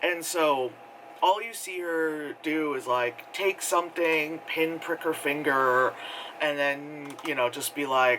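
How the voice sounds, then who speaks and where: A man's voice: a little high, slow pace, bright, forceful tone, a little hiss or hum, poor audio. A man casually reviewing a film, rambling with lots of fillers and laughing as he goes. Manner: rambling, filler-heavy, laughs often, mimics characters. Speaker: movie reviewer.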